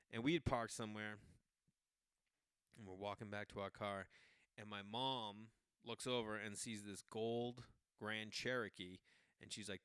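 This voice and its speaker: Bright, animated man telling a story. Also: medium pitch, clean tone, no echo, clean studio sound. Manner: animated, rambling, self-interrupting storyteller. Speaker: podcast host. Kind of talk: casual storytelling monologue.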